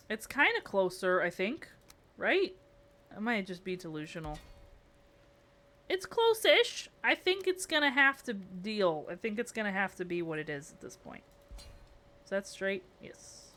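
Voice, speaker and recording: A woman's voice: fairly low pitch, a bit bright. A woman streamer chatting casually with her viewers and talking to herself as she builds in a game, playful and rambling. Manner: chatty, talks to herself and chat, playful muttering.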